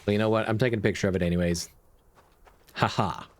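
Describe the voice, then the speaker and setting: Playing a video game, a streamer offers casual, wry commentary, chatty but a little drowsy. The voice sits low with a steady tone and a quick pace, over slight background noise.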